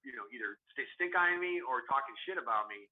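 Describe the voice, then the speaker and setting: A man co-hosting a podcast, a comedian in casual chat, telling stories in a profane, animated way. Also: medium pitch, fast talker. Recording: tinny phone-line sound.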